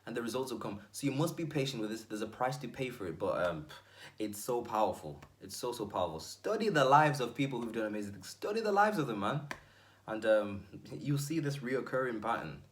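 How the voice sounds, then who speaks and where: A man hosting his own video, giving an energetic motivational talk to the viewer with emphatic repetition and frequent asides. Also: medium pitch, fairly quick, slight background noise.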